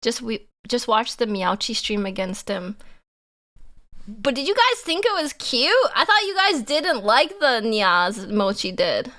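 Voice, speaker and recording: A young woman streamer chatting casually with her viewers, giggly and animated, laughing often. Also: fairly high pitch, a little slow. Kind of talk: casual live-stream chat.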